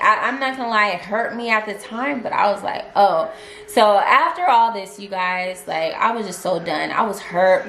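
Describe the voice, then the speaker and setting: A woman's voice: medium pitch, slight background noise. Chatty young woman vlogger, roomy sound. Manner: candid, chatty, animated retelling with many fillers. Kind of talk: storytime vlog. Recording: echoey room with faint music.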